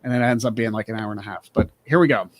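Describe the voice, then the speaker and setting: A man's voice: on the low side, very fast, dry recording. A man hosting a casual talk show, reading out odd laws and joking about them. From Pennsylvania. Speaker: podcast host. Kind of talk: casual chat.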